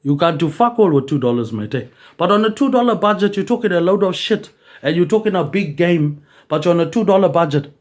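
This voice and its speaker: A man's voice: high voice, lively intonation, fairly quick. A man rambling on in a loose monologue, swearing freely and tagging almost every line with "mate".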